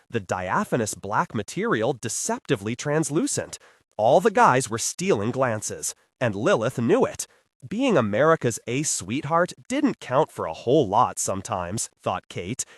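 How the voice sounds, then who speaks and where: A man narrating a superhero fantasy audiobook in an expressive, varied delivery. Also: mid-range voice, dry recording, clean studio sound. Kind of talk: scripted narration.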